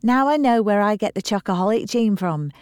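A woman reading an audiobook voices a cheeky seventeen-year-old girl, teasing and quick-witted. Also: medium pitch, lively intonation, a little mellow, no room sound, studio quality, pitched above the performer's own voice, close to an everyday voice.

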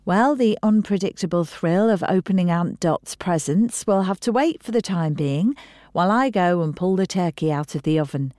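A woman's voice: fairly low pitch, expressive, moderate pace, dark tone, no echo, clean studio sound, natural voice. A woman reading a wry, bossy hostess. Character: busy woman hosting Christmas dinner, wry.

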